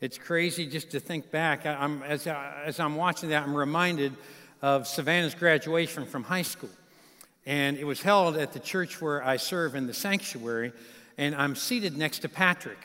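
In a large church sanctuary, a guest pastor in his fifties preaches and tells a warm, folksy story, pausing for asides to his congregation. His voice is fairly high and his pace moderate, with the live reverb of the church hall around him.

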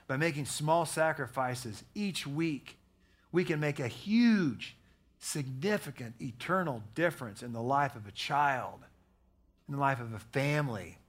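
A man preaching a sermon as pastor, repeating key phrases for emphasis and growing hushed in prayer. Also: mid-range voice. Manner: preaching with emphatic repetition, dropping soft at prayer.

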